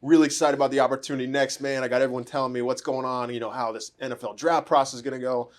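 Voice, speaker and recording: A man spins a story at a rapid clip, his voice sitting at an ordinary middle pitch. He laughs often as he acts out what people said. The tone is loose and conversational, like friends trading stories. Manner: animated, laughing, acts out dialogue.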